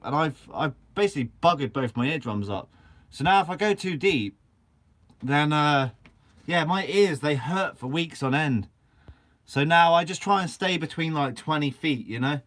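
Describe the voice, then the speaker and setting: A man's voice: fairly high pitch, fairly bright tone. Chatty upbeat man from Guernsey. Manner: chatty and upbeat, swears casually. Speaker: fishing channel host answering live chat. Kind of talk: casual live-stream chat. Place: shed.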